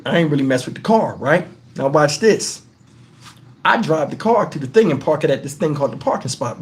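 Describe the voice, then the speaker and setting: A middle-aged man, telling a rambling story as host of his own channel. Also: mid-range voice. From Texas, USA. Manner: animated, profane, rambling with many asides. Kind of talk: casual storytelling to camera.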